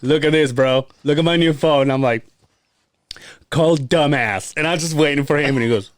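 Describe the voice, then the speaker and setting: A man's voice: a little high, quick pace, clean tone, no echo, studio quality. A man hosting a podcast, telling stories in casual chat with lots of swearing and acted-out quotes. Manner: profane, animated storytelling with acted-out quotes. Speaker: podcast host.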